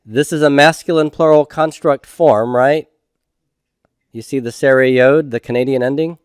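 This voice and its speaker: A man's voice: medium pitch, normal speed, clean tone, no echo, clean studio sound. Patient man lecturing on grammar. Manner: patient, asks students questions then answers them himself. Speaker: Hebrew grammar teacher. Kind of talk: recorded classroom lecture.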